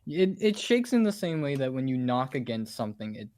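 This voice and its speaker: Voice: medium pitch, very animated, a little fast, darkish tone. A game master narrating a tabletop horror game and asking players for rolls.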